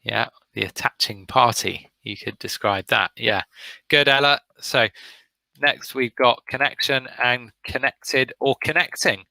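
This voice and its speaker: British male teacher, slow and encouraging, bright voice, dry sound. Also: mid-range voice, creaky, no echo, rough recording. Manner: encouraging, praises students by name. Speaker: English teacher. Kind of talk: online vocabulary lesson.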